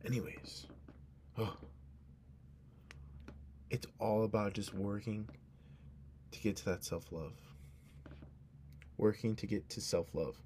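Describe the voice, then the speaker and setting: Speaking a little slowly with frequent pauses, a young man hosts a casual podcast by himself; his voice is lowish and somewhat dark, with a touch of hiss or hum. He comes across as sleepy, sincere and meandering, cutting himself short.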